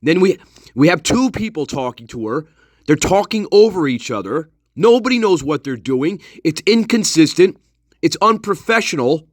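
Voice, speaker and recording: Man, sarcastic profane commentary, laughs a lot, highish lively voice, dry close mic. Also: moderate pace, no room sound. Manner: sarcastic and animated, swears and laughs often. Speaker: true-crime commentator.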